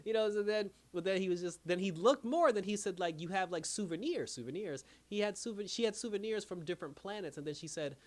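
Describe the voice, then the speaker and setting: A man's voice: sits high, fast, few pauses. A man giving a casual, rambling recap of a cartoon episode, full of fillers and acted-out quotes. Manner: rambling, animated retelling with many fillers. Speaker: episode reviewer.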